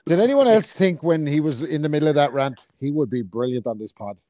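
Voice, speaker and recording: A man's voice: on the high side, expressive, a little fast, dark tone, no room sound, studio quality. A man co-hosting a casual podcast, sweary and amused as he fills the listeners in. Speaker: podcast co-host.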